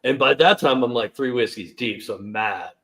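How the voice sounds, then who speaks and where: A man's voice: mid-range voice, normal speed, creaky, a bit bright. A man on a live-stream panel, telling stories in a rambling way with lots of fillers. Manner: rambling storyteller, many fillers. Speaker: panel guest. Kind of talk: casual live-stream chat.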